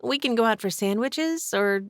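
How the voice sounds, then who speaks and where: A tired, polite young woman speaks softly and a little higher, as a woman narrator plays her. The audiobook voice sounds close and dry. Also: expressive, normal speed, no echo.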